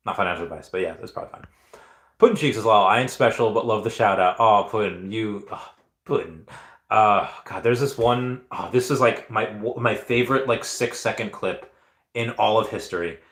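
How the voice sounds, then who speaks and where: Man, low-pitched, livestream host, rambling and chatty, reading comments, echoey room. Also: moderate pace, fairly bright tone. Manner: rambling and enthusiastic, with many fillers and restarts. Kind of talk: casual livestream chat reading viewer comments. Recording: roomy echo.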